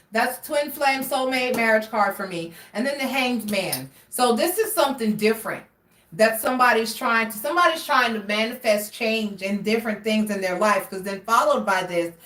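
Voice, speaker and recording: A woman's voice: a little high, fairly bright tone, roomy sound, distant mic. A woman reading tarot cards on a live stream, talking directly to her viewers and often checking in with "all right?". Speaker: tarot reader.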